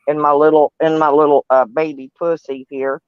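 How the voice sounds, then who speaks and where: A woman's voice: deep voice, level tone, normal speed, clean tone, no room sound. A woman, chatting casually and rambling on a live stream. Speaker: van life live streamer. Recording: dull, dry lo-fi sound.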